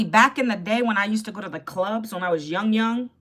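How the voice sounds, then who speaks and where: A woman's voice: medium pitch, brisk, fairly bright tone. A woman in her fifties hosting a casual live stream, chatty and sassy as she greets viewers by name and answers the chat. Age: 50s. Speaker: livestream host. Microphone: phone.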